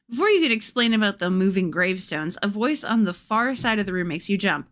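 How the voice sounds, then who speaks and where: A woman's voice: mid-range voice, lively intonation, brisk, hardly any pauses, a bit bright. A young woman hosting a livestream, chatting playfully and reading a spooky children's book aloud. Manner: chatty, playful, breaks off to coo at her cats. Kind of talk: casual chat and storybook read-aloud.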